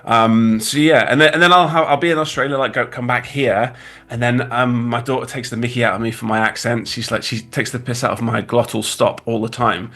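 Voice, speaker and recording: A man's voice: mid-range voice, steady tone, fairly quick, bright, forceful tone. A man from the UK in his thirties with a British accent, chatting casually as a guest designer on a livestream, rambling with many restarts.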